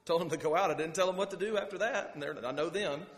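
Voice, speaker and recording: A man's voice: high-pitched, quick pace, voice pushed up. A man voicing Jesus as a casual, exasperated man, paraphrasing in everyday speech. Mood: musing. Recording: long hall reverb.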